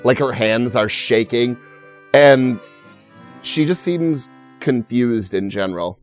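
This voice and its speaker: A man's voice: medium pitch, slow, soft background music. A man running a tabletop game as game master, narrating casually.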